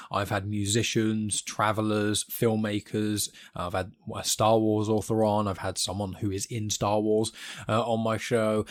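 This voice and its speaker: A man guest hosting a podcast, chatty and rambling with self-deprecating jokes. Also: fairly low pitch. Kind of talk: casual chat.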